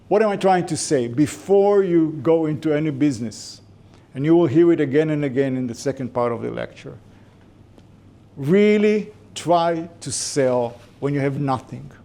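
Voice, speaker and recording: Man lecturing with a mellow voice. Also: on the high side, fairly quick, gravelly. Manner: informal, joking asides to the class. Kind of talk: conversational business lecture.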